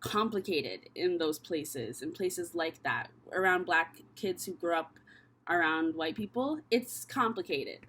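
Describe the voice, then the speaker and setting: A woman's voice: fairly low pitch, animated, unhurried, a bit bright, breathy edge. A young woman from Canada doing a casual tarot reading and talking candidly, with plenty of swearing, as she thinks aloud. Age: young adult. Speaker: tarot reader.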